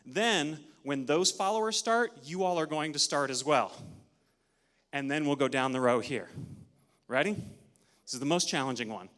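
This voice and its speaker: A man giving an energetic, interactive talk at a conference, leading the audience through counts, a little out of breath. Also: a little high, normal speed, long pauses. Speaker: conference speaker. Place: large conference hall. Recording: long hall reverb.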